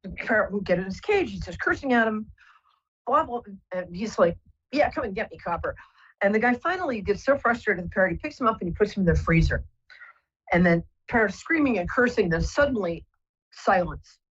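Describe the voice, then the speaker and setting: A woman's voice: mid-range voice, lively intonation, fairly quick, slightly rough, lo-fi sound. A woman hosting a live psychic call-in show, talking soothingly and rambling with many fillers. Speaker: psychic radio host.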